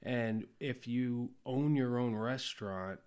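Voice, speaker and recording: Man in his 40s chatting on a podcast, easygoing, lots of ums and you knows, middle pitch. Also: takes it slowly, clean tone. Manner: relaxed storytelling with many fillers. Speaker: podcast guest, chef. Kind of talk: casual conversation.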